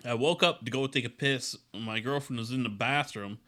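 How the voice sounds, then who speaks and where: A man's voice: medium pitch, moderate pace, fairly bright tone. A man co-hosting a podcast, telling a rambling, crude story in casual chat and laughing at it. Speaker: podcast co-host.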